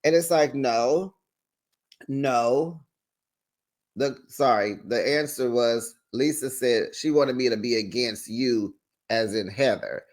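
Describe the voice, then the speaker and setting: A man hosting a casual recap of a reality show, sassy and animated, acting out quotes and laughing between remarks. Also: measured pace. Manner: sassy, animated, acts out quotes with sharp pitch jumps. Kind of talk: casual chatty recap commentary.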